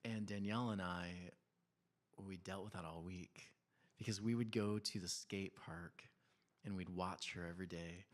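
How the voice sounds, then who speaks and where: A man in his thirties preaching a sermon in a church, telling family stories in a conversational, animated way with laughs and quiet asides. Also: sits low. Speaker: pastor.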